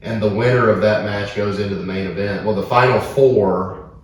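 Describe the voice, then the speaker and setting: A man's voice: on the low side, normal speed. Profane storytelling man, roomy echo. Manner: profane, animated anecdotes. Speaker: podcast co-host, wrestler. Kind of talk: casual storytelling chat. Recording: roomy echo, distant from mic.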